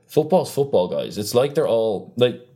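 A young man chatting casually on a podcast, ranting with animated energy and free swearing. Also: mid-range voice, normal speed. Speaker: podcast co-host. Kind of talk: casual chat.

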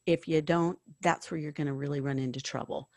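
A woman with a somewhat low voice speaks earnestly about faith and her work with the dying. She tells little stories in an easy conversational way. The sound is dry and close, with no room around it. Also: fairly even intonation, fairly quick, a little mellow, dry recording. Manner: earnest, storytelling, spiritual. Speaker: hospice worker and bereavement counselor. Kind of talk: conversational interview.

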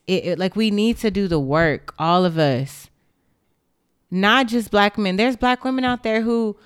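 A woman's voice: medium pitch, clean tone, dry recording, studio quality. A young woman giving an impassioned, indignant monologue straight to the camera, blunt and emphatic, with swearing.

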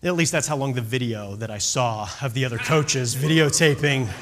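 With a medium-pitched voice and a moderate pace, a man speaking as a youth baseball coach relates a story meant to teach something. He is lively and conversational, checking in with listeners along the way.

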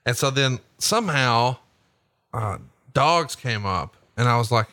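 Male podcast co-host, bright tense voice, animated profane storytelling, dry sound. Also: medium pitch, fairly quick, no room sound. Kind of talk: casual podcast chat.

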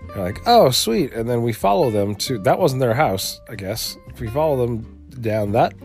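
A man's voice: medium pitch, animated, moderate pace, a little mellow, faint music behind. A man hosting a casual solo podcast, rambling and swearing freely, often restarting his sentences. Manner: rambling and profane, with frequent restarts. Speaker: podcast host.

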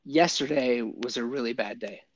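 A man, a podcast guest and yoga teacher, telling a story casually with lots of fillers and lively quoted voices. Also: mid-range voice, moderate pace, no room sound, lo-fi sound.

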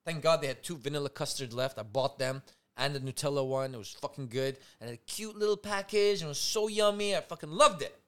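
A man co-hosting a podcast, telling a night-out story in a loose, profane, animated way and acting out what people said. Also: on the high side, a little fast, clean tone. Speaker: podcast co-host. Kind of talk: casual storytelling chat.

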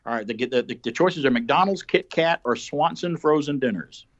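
A male radio host plays quizmaster, reading old slogans slowly and ribbing his guest. His speech swings widely in pitch. The audio is dull and lo-fi. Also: expressive. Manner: playful quizmaster, reads slogans slowly and teases. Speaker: radio talk show host. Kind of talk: casual radio quiz chat.

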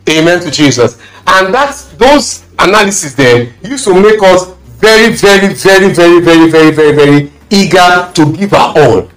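A man with a Nigerian accent preaching at a conference, his voice high for a man and swinging widely in pitch. He talks emphatically, repeats phrases for effect, and restarts his sentences. Faint music plays underneath. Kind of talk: conference sermon.

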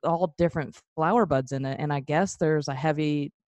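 Low-voiced woman in her thirties, chatty storyteller. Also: normal speed, darkish tone, dry recording. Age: 30s. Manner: chatty storyteller, laughs often. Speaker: podcast host. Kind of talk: casual chat.

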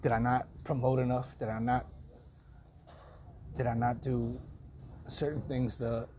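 Raspy-voiced man musing aloud. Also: mid-range voice, little pitch movement, warm tone, slight background noise. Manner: self-searching, halting with many restarts. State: raspy from dehydration. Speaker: vlogger. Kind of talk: reflective personal vlog.

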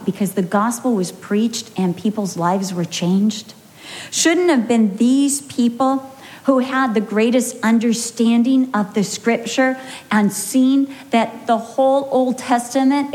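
A woman Bible teacher giving a sermon, animated and telling stories with acted-out quotes. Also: fairly high pitch.

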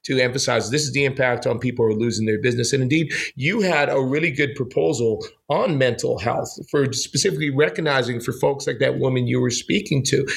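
A man from Canada speaks at a mid pitch with a raspy, gravelly edge. He sounds measured and reflective in a casual political podcast, building his points steadily. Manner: measured, reflective, with brief affirming backchannels. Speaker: provincial legislator co-hosting a podcast.

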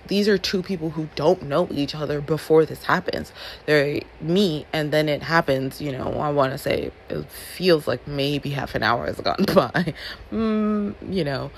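A woman's voice: sits low, gravelly, slight background noise. A woman reviewing a book in casual chat, talking animatedly and acting out reactions in little quoted voices. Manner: chatty, acts out readers' reactions in quoted voices.

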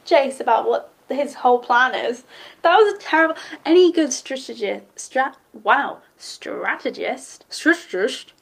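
A woman, casually commenting on a TV episode as she watches, sarcastic and quick to swear and laugh. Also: on the high side. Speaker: TV episode reactor.

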